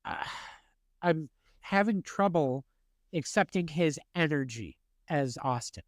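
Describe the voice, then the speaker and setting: A man co-hosting a casual podcast chat, animated and quick to laugh. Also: no echo, clean studio sound. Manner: animated, laughing, swings in pitch. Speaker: podcast co-host.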